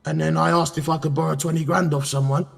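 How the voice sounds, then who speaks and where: A man playing a gravelly street cop. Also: fairly high pitch, little pitch movement, fast talker, long reverb tail. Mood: defensive. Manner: rambling, ends every phrase with "mate". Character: brash, chatty male street cop. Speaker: police officer character. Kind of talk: game role-play.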